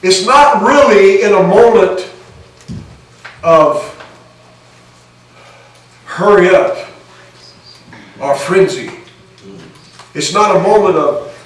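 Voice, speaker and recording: A man preaching with a fairly high voice, earnest and pressing, often restarting a phrase to drive it home. He sounds set back from the mic in a big echoing church room. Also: expressive, slow, long pauses. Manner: earnest, restarts phrases while building a point. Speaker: pastor. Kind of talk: sermon. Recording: echoey hall, voice from far off the mic.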